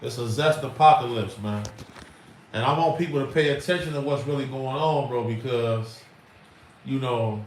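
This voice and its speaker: A man's voice: medium pitch, moderate pace. A middle-aged man, hosting a livestream in an emphatic, rambling, slangy way. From Chicago. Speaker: livestream host. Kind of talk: casual livestream talk. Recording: roomy echo, far from mic, faint noise.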